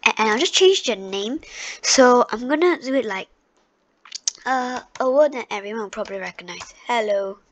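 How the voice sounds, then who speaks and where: A woman's voice: on the high side, expressive, moderate pace, slight background noise. A woman giving a casual screen-recorded tutorial into her computer microphone, chatty and unpolished, with many fillers and restarts. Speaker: tutorial host.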